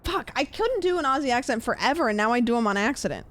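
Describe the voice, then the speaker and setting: A young woman streamer chatting casually while gaming, rambling with lots of fillers and trailing off quietly. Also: a little high, expressive, fast, few pauses.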